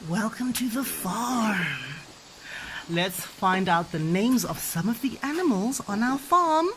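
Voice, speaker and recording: A woman playing pretend with her child, teaching animal names in an animated, playful sing-song way. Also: a little high, slow pace, noisy background.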